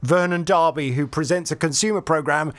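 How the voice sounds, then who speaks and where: A man's voice: fairly high pitch, a little fast, fairly bright tone. A male radio presenter chatting casually with a phone guest in a jovial, teasing way.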